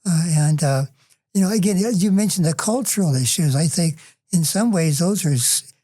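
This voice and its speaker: Mellow, hesitant faculty panelist. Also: medium pitch, normal speed. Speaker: history professor on a faculty podcast. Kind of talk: casual panel discussion.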